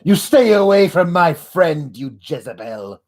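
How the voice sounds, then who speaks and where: A man putting on a preachy, protective wrestler buddy, his voice dropped low and quiet, scolding in a prim, disapproving mutter for a comedy recap. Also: sing-song, measured pace.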